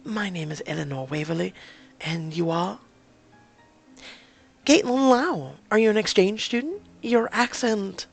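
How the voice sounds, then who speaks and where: A reader voicing a reserved young English woman in a story game, speaking quietly and formally with an English accent. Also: medium pitch, unhurried, creaky, long pauses, faint music behind, pitched above the performer's own voice. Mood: polite.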